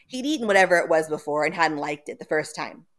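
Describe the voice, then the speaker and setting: A woman co-hosting a podcast, retelling a story in an animated, giggly way. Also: sits low, fast talker. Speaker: podcast co-host recapping a book. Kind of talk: casual comic retelling.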